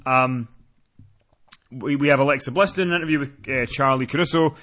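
A man hosting a casual wrestling podcast, running through the week's show in a quick, rambling way with fillers and casual swearing. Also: mid-range voice, a bit bright. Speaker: podcast host.

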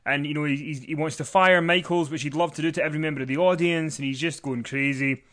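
Bright, chatty man co-hosting. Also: on the high side, fairly even intonation, fast talker. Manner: rambling, joking, many fillers. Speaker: podcast co-host. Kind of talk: casual chat recapping wrestling.

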